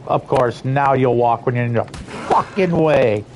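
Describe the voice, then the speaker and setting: A man's voice: mid-range voice, measured pace, a little mellow, slight background noise. A man streaming a building game live, muttering his frustration at it and swearing often. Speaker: livestreamer. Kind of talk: live gameplay commentary.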